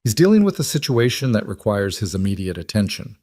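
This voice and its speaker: A man's voice: on the low side, big pitch swings, a little fast, mellow, no room sound, studio quality. A man reading a grave formal bodyguard. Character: serious loyal male bodyguard. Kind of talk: audiobook character reading.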